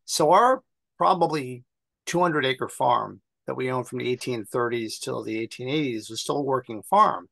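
An American man on a panel, telling family stories in a casual, animated way and acting out the voices of people he quotes. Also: medium pitch, normal speed, vocal fry, dry recording. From United States. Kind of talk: casual storytelling.

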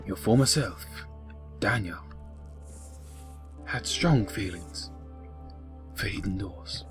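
A man doing comedic game commentary, narrating his own moves in a mock-formal way and dropping into whispered asides. He speaks slowly in a lowish voice. Faint game music plays underneath. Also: expressive. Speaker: gaming YouTuber. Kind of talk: comedic let's play commentary.

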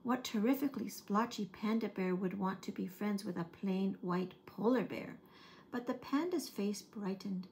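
A woman working as an early-years storyteller, reading a picture book aloud in a gentle, expressive way. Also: medium pitch, moderate pace, slight background noise.

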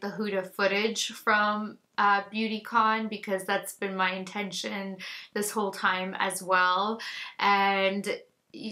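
A woman's voice: on the high side, pushed and bright. A woman beauty vlogger chatting casually during an unboxing, gushing and emotional. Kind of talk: casual unboxing vlog chat.

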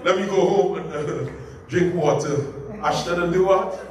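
A pastor leading a Bible study, lively and joking, asking the congregation to finish his phrases. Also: on the high side, normal speed, a crowd in the background. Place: church. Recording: echoey church room, far from mic, faint hiss.

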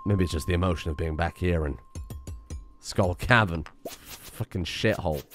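A man's voice: deep voice, normal speed, faint music behind. A young man giving casual, sweary, sarcastic commentary while streaming a farming game. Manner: sweary, sarcastic, animated outbursts. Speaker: gaming streamer. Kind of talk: casual let's-play commentary.

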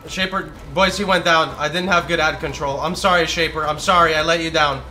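Excitable man streaming a game, bright voice. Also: on the high side, a little fast, slight background noise. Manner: excitable, yelling out moves, swearing and laughing. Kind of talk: live gameplay commentary. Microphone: studio condenser microphone.

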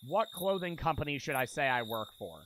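A man's voice: on the high side, expressive, fairly quick, fairly bright tone, a little hiss or hum. A man giving casual gameplay commentary, joking, swearing freely and laughing at himself. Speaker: gaming streamer. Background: game music.

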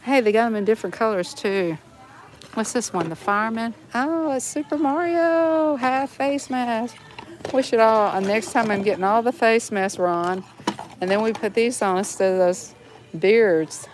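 A woman's voice: medium pitch, normal speed. Chatty Southern woman vlogging while shopping. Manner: chatty, giggly, talks to viewers while browsing. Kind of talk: casual shopping vlog. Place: inside a large discount store.

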